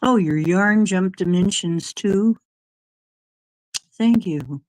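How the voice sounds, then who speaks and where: A woman's voice: mid-range voice, slow pace, pauses often, a little mellow, no echo, poor audio. A middle-aged woman hosting a casual livestream, rambling from topic to topic and reacting to chat comments as they come in. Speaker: livestream host reading chat.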